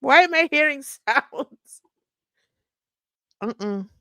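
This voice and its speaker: A woman's voice: sits high, expressive, extremely slow, fairly bright tone, no echo. A woman hosting a casual livestream from home, chatting, laughing often and reading viewer comments aloud. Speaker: livestream host.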